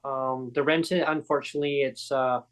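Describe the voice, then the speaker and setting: A man's voice: mid-range voice, normal speed, clean tone, low-quality recording. A man hosting a casual podcast chat, telling a story animatedly and acting out the people in it. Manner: animated storyteller, acts out quotes. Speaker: podcast host.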